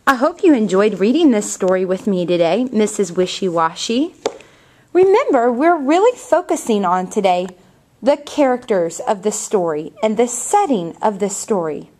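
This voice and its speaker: A woman teacher reading a picture book aloud to young children and asking them questions in a clear, patient way. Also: medium pitch, very animated, normal speed, darkish tone.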